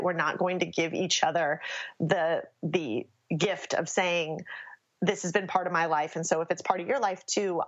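A woman's voice: lowish voice, husky, muffled recording. A woman speaking as an interview guest in a candid personal conversation, often stopping and restarting as she searches for words.

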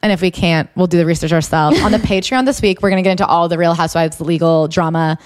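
A woman's voice: quick pace, dry recording. Young woman podcast host, sarcastic, voice shoots up when she's exasperated, dry mic. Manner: sarcastic, incredulous, pitch jumps when exasperated. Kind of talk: casual chat reading from a book.

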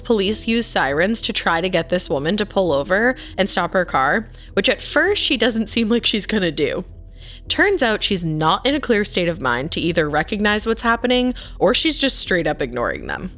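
A woman's voice: on the low side, a bit bright. A woman co-hosting a podcast, reacting playfully and counting down odd crime stories. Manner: playful, quick reactions, teasing. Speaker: podcast co-host. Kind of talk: casual true-crime chat.

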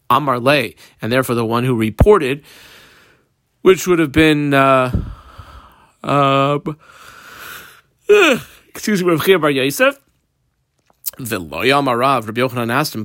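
A man reads through a Talmud page phrase by phrase, pausing to translate and explain each line. His voice sits at an ordinary pitch and is recorded close and dry, with no room sound around it. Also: fairly bright tone, no room sound. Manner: explains text line by line, reading Aramaic then translating. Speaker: Talmud teacher. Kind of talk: daily Talmud page lesson.

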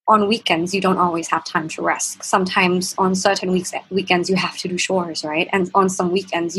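Husky young woman telling a personal story. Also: on the low side, fairly bright tone, rough recording. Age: young adult. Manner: halting, with restarts and fillers, reenacting quotes. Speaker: podcast guest.

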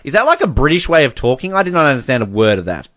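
A man's voice: mid-range voice, big pitch swings, very fast, fairly bright tone, no echo. A man co-hosting a podcast in casual chat, who laughs often while reading messages aloud. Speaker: podcast co-host.

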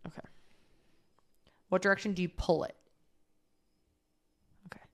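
A woman's voice: lowish voice, steady tone, measured pace. A woman co-hosting a podcast in playful casual chat, laughing and swearing easily. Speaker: podcast co-host.

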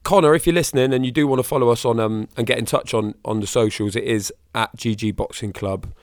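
A man co-hosts a podcast with upbeat banter, moving easily into plugs for the show. His voice is mid-pitched and close, recorded dry on a studio mic. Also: fast, no room sound. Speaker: podcast co-host. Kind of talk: casual chat.

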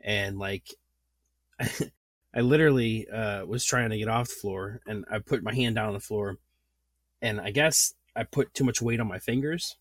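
A man's voice: lowish voice, measured pace, no room sound, clean studio sound. A man in his thirties, a podcast host, telling a story in a casual chat, laughing often and filling his talk with "like.". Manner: animated storytelling, laughs often, many fillers.

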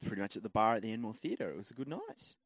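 A man hosting a podcast, chatting casually with a guest in quick, lively banter. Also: on the low side, no echo. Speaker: podcast host. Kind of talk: casual chat.

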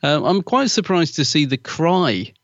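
A man's voice: fairly high pitch, big pitch swings, a little slow, fairly bright tone, no echo, dull audio. A man co-hosting a podcast, chatty and gossipy, often laughing as he talks. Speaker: podcast co-host. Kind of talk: casual chat.

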